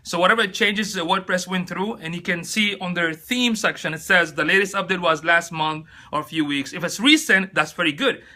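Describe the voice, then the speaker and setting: A chatty, upbeat man hosts a casual live-stream tutorial from his phone, greeting viewers by name while giving tips. His voice is high-pitched, pushed and bright.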